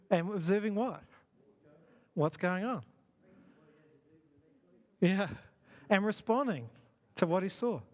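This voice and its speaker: A man giving a conversational talk to a church gathering as a church leader, asking the audience questions and poking fun at himself. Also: sits high. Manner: conversational, self-deprecating, asks the audience questions. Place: church hall.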